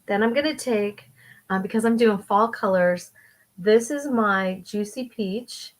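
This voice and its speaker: A woman's voice: mid-range voice, measured pace. A middle-aged woman giving a chatty, enthusiastic makeup tutorial while she applies her eyeshadow. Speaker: makeup vlogger.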